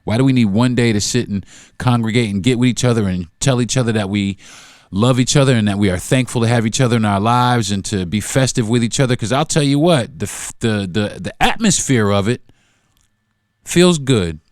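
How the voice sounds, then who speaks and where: A man's voice: medium pitch, brisk, no echo, studio quality. A man hosting a solo podcast, talking in an emphatic, repetitive, profane rant. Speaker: podcast host.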